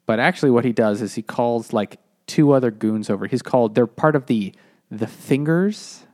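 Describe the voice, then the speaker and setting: A man co-hosting a podcast recaps a story in casual chat, summarizing the plot with plenty of fillers. He speaks at normal speed in a medium-pitched voice with a darkish tone.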